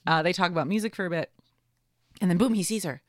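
A woman's voice: lowish voice, fast, no echo, clean studio sound. A woman co-hosting a podcast in casual chat, rambling and hedging with fillers.

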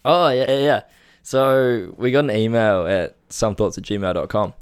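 A man's voice: lowish voice, a little slow, smooth, no echo. A young man with a New Zealand accent co-hosting a podcast, dry and teasing, a bit sick. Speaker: podcast co-host. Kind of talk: casual podcast banter.

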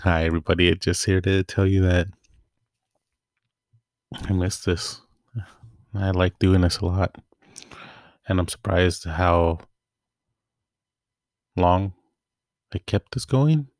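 A man's voice: low-pitched, takes it slowly, long pauses, a little mellow, no room sound, clean studio sound. A young man hosting a casual solo podcast, chatty and rambling, often stopping to restart his thoughts. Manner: rambling, self-interrupting, chatty. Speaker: podcast host.

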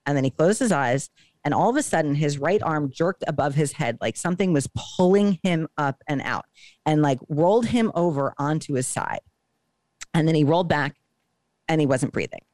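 A middle-aged woman co-hosting a podcast, retelling a story in an animated, dramatic way. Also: low-pitched, normal speed, dry recording. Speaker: podcast co-host. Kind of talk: casual storytelling.

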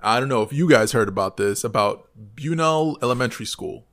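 A man co-hosting a casual podcast, telling stories in an animated, joking way. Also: fairly quick. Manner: animated storyteller, lively pitch swings. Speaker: podcast co-host.

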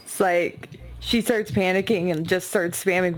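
A woman's voice: fairly low pitch, steady tone, moderate pace, a little hiss or hum, low-quality recording. A woman playing a tabletop game, thinking aloud hesitantly in casual talk. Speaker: player. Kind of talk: casual tabletop role-play.

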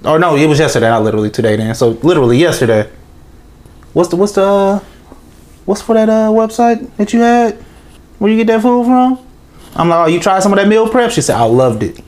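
A man's voice: high voice, lively intonation, fairly quick, a little mellow. A man co-hosting a podcast in casual chat, rambling and joking, hesitating with many fillers. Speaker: podcast co-host.

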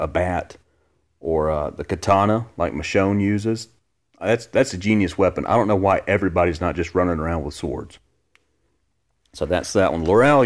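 Low-pitched and somewhat dark in tone, a man runs a relaxed living-room podcast. He rambles through listener questions with jokes and self-deprecating humor, keeping it a casual chat.

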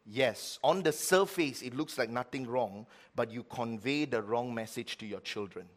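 Preaching at a normal speed, this middle-aged pastor has a mid-range voice and moves energetically from booming, emphatic statements to hushed passages.

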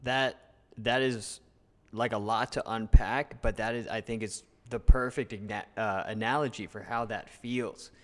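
Chatty man with a reverberant sound. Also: unhurried. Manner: expressive, acts out reactions in a high voice. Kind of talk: casual chat.

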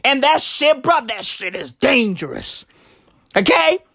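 A woman rants in a brash, swaggering comic voice, her fairly high pitch leaping all over the place. She takes her time, stretching lines out slowly for effect. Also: very animated, gravelly, a bit bright, husky. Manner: brash, swaggering slang-heavy rant with wild pitch swings. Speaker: comedian. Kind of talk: comedic rant.

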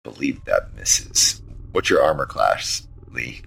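A man's voice: a bass voice, sing-song, slow pace, vocal fry, fairly bright tone. A man running a tabletop game as game master, narrating the action in an easygoing way. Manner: easygoing, descriptive, laughs often.

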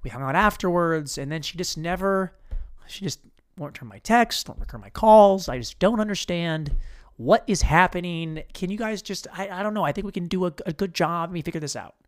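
A man's voice: high-pitched, fairly quick, clear, resonant tone. A man casually retelling a radio story with swearing and put-on voices. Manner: casual, profane, animated retelling. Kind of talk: comedic storytelling.

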